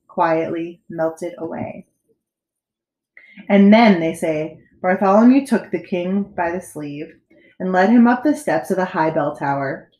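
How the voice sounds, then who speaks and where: A woman reading a children's picture book aloud as a storyteller, expressive with dramatic pauses. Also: medium pitch. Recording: echoey room.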